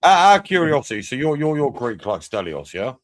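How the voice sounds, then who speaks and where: Fast, lively man teasing in chat. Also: medium pitch, crowd noise. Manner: quick, teasing, stammering restarts, swears. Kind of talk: casual chat.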